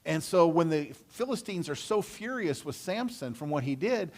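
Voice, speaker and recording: A man's voice: fairly high pitch, very animated, moderate pace. Man preaching a casual sermon. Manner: conversational storytelling, acting out voices. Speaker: pastor. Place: church sanctuary.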